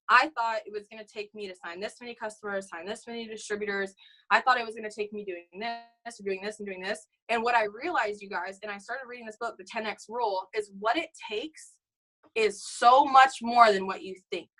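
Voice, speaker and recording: A young woman giving an energetic motivational talk to her sales team, calling out "you guys" and "okay?" all the time. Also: medium pitch, low-quality recording. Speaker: network marketing team leader.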